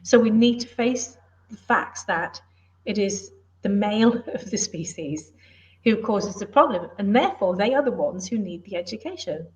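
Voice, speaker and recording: A woman's voice: medium pitch, expressive, moderate pace. Brief: middle-aged British-born woman, ex-police author, emphatic and earnest, slightly dull recording. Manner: earnest, emphatic, plain-spoken. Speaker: author and former police officer, guest. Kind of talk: casual interview chat.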